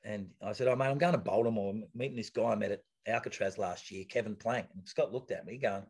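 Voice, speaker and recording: A middle-aged man, a podcast guest telling an anecdote in a lively, chatty way, often restarting and repeating words. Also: on the low side, quick pace, husky. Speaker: podcast guest, retired athlete.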